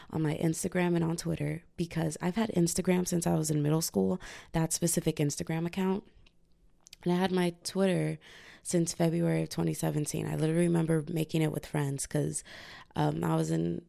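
A young woman in a confessional vlog, chatting freely with a steady stream of filler words. Her voice sits a little low and has plenty of vocal fry. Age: young adult. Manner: chatty, filler-heavy with frequent "like". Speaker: vlogger. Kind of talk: casual confessional vlog monologue.

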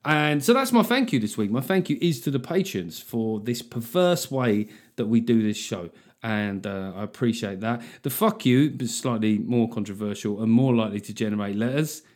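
A man's voice: mid-range voice, expressive, moderate pace, darkish tone. Comedian guy doing his solo podcast, swears a lot, sarcastic, voice leaps all over the place. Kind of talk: casual solo podcast monologue.

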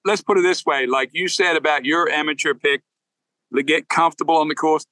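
Bright-voiced male golf podcast co-host. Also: a little high, fairly even intonation, a little fast, no room sound, rough recording. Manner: storytelling, playful, self-interrupting. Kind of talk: casual chat.

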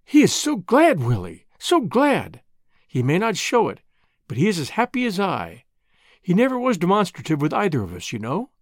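A narrator voicing a loving, determined middle-aged mother who speaks softly and tenderly. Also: mid-range voice, wildly swooping pitch, normal speed, no room sound, studio quality. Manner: soft, tender. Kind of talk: reading a classic short story aloud.

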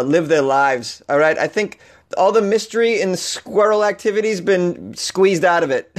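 Sarcastic high-voiced Boston man. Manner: sarcastic, laughing often, stumbling over words. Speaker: podcast host. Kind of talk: comic news commentary.

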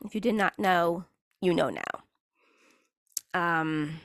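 A woman's voice: on the low side, slow pace, dry recording, studio quality. A woman hosting a casual podcast, telling sarcastic stories with bursts of laughter. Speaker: podcast host. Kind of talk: casual chat.

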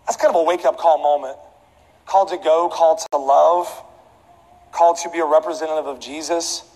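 Man preaching, high voice, animated comedic storytelling, reverberant hall, faint noise. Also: a little fast. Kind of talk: storytelling sermon.

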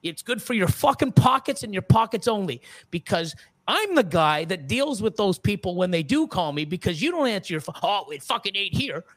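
A man's voice: sits high, big pitch swings, brisk, a bit bright. A middle-aged man in a casual podcast conversation, ranting angrily and profanely with many restarts and repeated words. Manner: angry, profane, heated ranting with frequent restarts. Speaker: podcast guest, reptile breeder.

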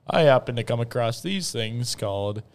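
A man's voice: mid-range voice, expressive, moderate pace, natural voice. A man voicing a jolly, hungry male Santa Claus in an improvised comedy bit, with a hearty put-on voice.

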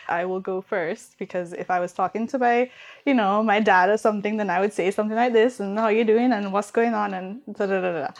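A woman hosting a podcast, reading her closing segment and then chatting candidly with a laugh. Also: a little high. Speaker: podcast host. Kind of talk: scripted podcast narration and casual chat. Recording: music bed underneath.

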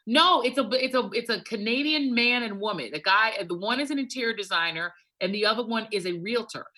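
A woman's voice: on the high side, a little fast, sharp tone, slightly rough. A woman in casual chat, emphatic and insistent, who laughs often.

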